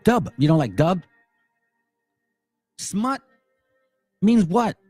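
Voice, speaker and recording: An angry man holds forth in a high voice that leaps all over the place. He talks in a profane, mocking way and keeps repeating himself. The sound is dry and close, with no room echo. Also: sing-song, extremely slow, warm tone, faint music behind. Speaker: religious commentary channel host. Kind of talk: heated monologue commentary.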